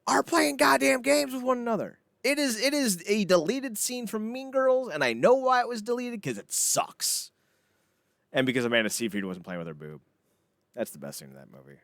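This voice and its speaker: A man co-hosting a casual wrestling podcast, ranting in an animated, sarcastic way with frequent swearing. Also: sits high, creaky, no room sound, clean studio sound. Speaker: podcast co-host.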